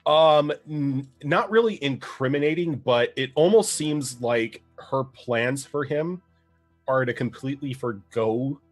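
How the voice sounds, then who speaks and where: A man running a tabletop roleplaying game as game master, narrating in a loose, halting way with fillers. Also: mid-range voice.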